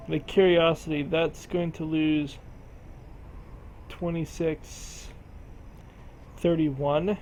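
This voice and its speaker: Man voicing strategy-game commentary, slow and unhurried, thinks aloud, soft game music behind. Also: fairly high pitch, rough recording. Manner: thinks aloud, addresses game regions directly. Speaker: gameplay commentator.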